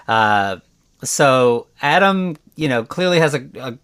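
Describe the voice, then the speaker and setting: A man's voice: medium pitch, animated, slow pace, a bit bright, smooth. A man hosting a podcast alone, recapping a film in a rambling, conversational way, with lots of "like" and restarts. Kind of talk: casual solo movie recap.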